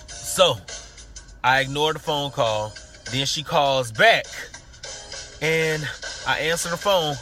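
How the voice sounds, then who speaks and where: High bright-voiced man telling a story. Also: slow, long pauses, faint music behind. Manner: animated, acts out the people in his story. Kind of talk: casual comic storytelling.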